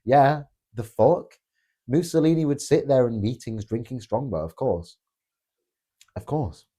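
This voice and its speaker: A man's voice: mid-range voice, a little slow, warm tone, slightly rough. A man hosting a casual live stream, answering chat in a blunt, joking way with plenty of swearing. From Britain. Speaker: political streamer reading chat.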